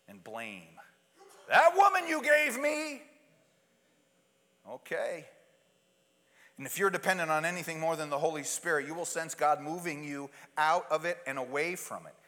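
A man preaching with a high, bright voice that rings through a large hall with long reverb. He swings between loud, urgent passages and hushed asides, and acts out quoted prayers and pleas. The sound is a sermon echoing through a church space.

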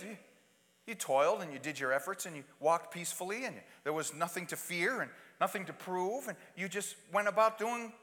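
A man preaching with a high, bright voice that rings through a large hall with long reverb. He swings between loud, urgent passages and hushed asides, and acts out quoted prayers and pleas. The sound is a sermon echoing through a church space.

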